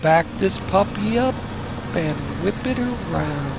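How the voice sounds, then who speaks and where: A man's voice: high voice, animated, slow, creaky. A man hosting his gaming channel, rambling through gameplay commentary with self-corrections and crude asides. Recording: game vehicle engine noise underneath.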